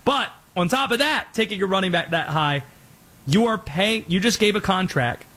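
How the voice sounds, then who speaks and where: A man's voice: a little high, a bit bright, slightly rough. A man giving sarcastic, critical commentary on a football team's draft picks on sports radio.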